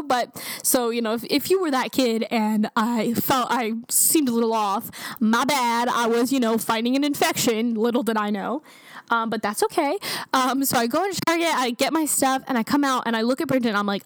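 A woman's voice: fairly high pitch, no room sound. Chatty young woman, dry close sound. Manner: chatty, animated, laughing often, many "like" fillers. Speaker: storyteller. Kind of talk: casual storytime vlog.

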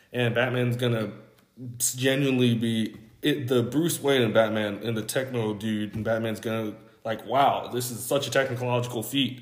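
A young man casually pitching a story, rambling and quoting characters in an offhand voice, with casual swearing. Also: echoey room. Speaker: podcast host.

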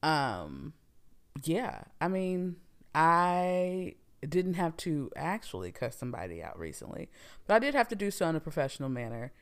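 A woman's voice: low-pitched, big pitch swings, moderate pace. A woman in her thirties hosting a casual solo podcast, talking candidly and rambling with frequent fillers. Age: 30s. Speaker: podcast host.

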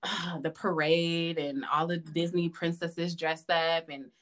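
Animated, laughing woman telling stories. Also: lowish voice, slow pace. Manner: animated, laughing, calls listener "girl". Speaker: podcast guest. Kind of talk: casual storytelling chat.

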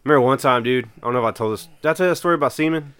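A man's voice: mid-range voice, racing, fairly bright tone, clean tone, no room sound. A man casually telling profane stories on a podcast, rambling with lots of fillers and laughing through them.

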